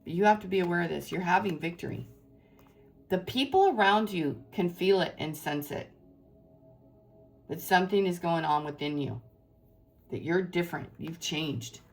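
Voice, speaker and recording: A woman's voice: lowish voice, normal speed, gravelly, pauses often, soft background music. A woman giving a tarot reading to her viewers in an effusive, rambling, spiritual way. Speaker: tarot reader.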